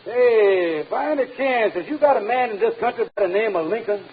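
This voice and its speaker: An actor playing a scheming, smooth-talking middle-aged con man in a 1940s radio sitcom, fumbling his words with hesitant uhs. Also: high-pitched, lively intonation, a little fast, heavily acted. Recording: tinny old radio broadcast with audience laughter and hiss.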